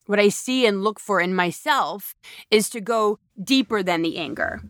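A woman's voice: mid-range voice, normal speed, fairly bright tone, no echo. A woman with children talking frankly about emotions in a casual motivational monologue, blunt and emphatic, often repeating herself and restarting phrases. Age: adult, has children. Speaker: speaker on emotions.

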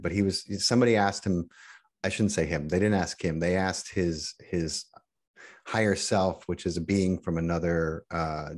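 A middle-aged man talking as a podcast guest in casual chat, halting and restarting often. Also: low voice. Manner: halting, many restarts and repeated words.

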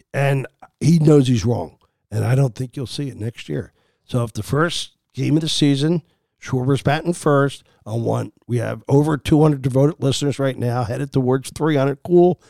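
A man's voice: mid-range voice, creaky, darkish tone, dry recording, clean studio sound. A man hosting a sports podcast, arguing his opinions in a heated, emphatic way.

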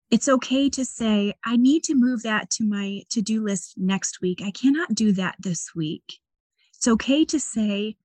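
A psychic medium with a mid-range voice talks casually and gently about her spiritual practices and card reading. She often pauses to search for words, rambling with frequent fillers. There's no echo.

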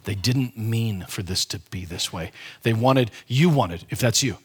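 A man's voice: fairly low pitch, unhurried, breathy edge. A man pastor giving a conversational, emphatic sermon, often restarting his sentences as he explains a Bible passage.

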